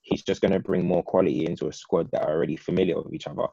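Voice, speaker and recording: Deep gravelly man in casual chat. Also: very fast, no room sound, muffled recording. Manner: animated, talks in long opinionated runs.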